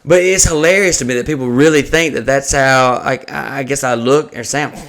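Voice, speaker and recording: A man's voice: mid-range voice, brisk, a bit bright. A man, a stand-up comedian hosting a podcast, ranting in a profane, exasperated casual chat.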